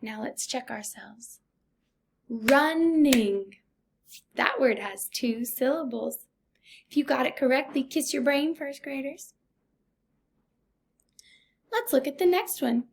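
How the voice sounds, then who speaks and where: Slow, high-voiced teacher with vocal fry. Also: female voice. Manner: slow, deliberate, encouraging teacher talk. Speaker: first grade teacher. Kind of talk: recorded remote phonics lesson.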